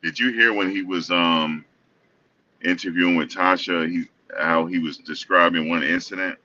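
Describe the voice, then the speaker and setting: A man with a very low voice talks in an easygoing, hesitant way, filling pauses as he thinks aloud. He sits back from the microphone, and the sound is dull and muffled. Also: steady tone, sharp tone, recorded from a distance. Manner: laid-back, hesitant, hedging with fillers. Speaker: co-host. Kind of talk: casual commentary chat.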